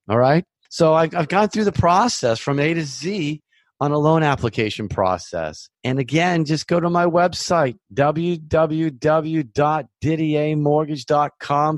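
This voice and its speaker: A man's voice: medium pitch, dry recording. A man talks through his advice in a loose, chatty podcast monologue. He reassures listeners and circles back over his points. His mid-range voice sits close and dry, with no room around it. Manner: chatty, reassuring, repeats himself, conversational asides. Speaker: mortgage loan officer hosting a podcast. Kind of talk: casual advisory monologue.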